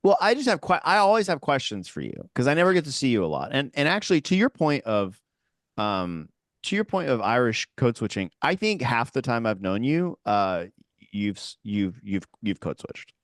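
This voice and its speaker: A man's voice: mid-range voice, very animated, moderate pace, no room sound, studio quality. A man co-hosting a podcast in casual chat, easygoing and rambling with lots of filler words. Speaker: podcast co-host.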